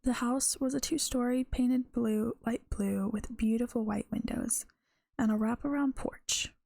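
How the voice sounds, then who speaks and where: Here a weary streamer and writer reads her story with frequent self-corrections, never quite polished. She has a fairly high, gravelly, dark voice, keeps a steady tone, and moves at a measured pace with no room sound.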